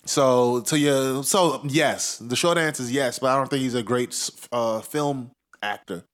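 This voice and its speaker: A man's voice: mid-range voice, a little slow. A man talking in a casual podcast chat, rambling and profane, often laughing mid-sentence.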